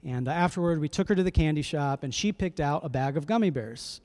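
In his thirties, this pastor delivers a chatty sermon built around a family story, pausing often to check in with listeners. He talks a little fast in a higher-pitched, slightly mellow voice.

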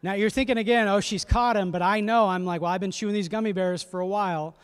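A man's voice: sits high, fairly even intonation, fast talker, clear, resonant tone. A man in his thirties, a pastor telling a family story in a conversational sermon, often checking in with his listeners.

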